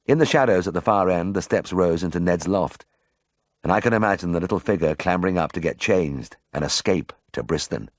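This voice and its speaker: Deep-voiced man narrating an audiobook. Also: brisk, no room sound, studio quality. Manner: expressive first-person storytelling.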